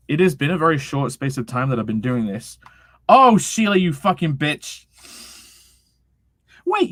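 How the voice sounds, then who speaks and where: A man's voice: medium pitch, gravelly, dry recording. A young man casually streaming, reading chat aloud, laughing often and swearing freely.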